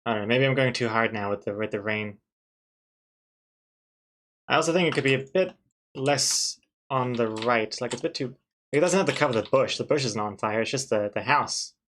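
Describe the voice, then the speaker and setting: A man's voice: mid-range voice, normal speed, pauses often, fairly bright tone, a little hiss or hum. Chatty man thinking aloud while drawing. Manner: thinks aloud, second-guesses himself, chatty with viewers. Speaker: comic artist streaming his drawing. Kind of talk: casual live-stream commentary while drawing.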